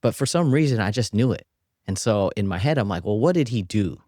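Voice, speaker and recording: A male podcast host with a lower voice leads a candid conversation. He is affirming and encouraging and reflects back what his guest says. The recording is close and dry. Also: animated, brisk, warm tone, no echo.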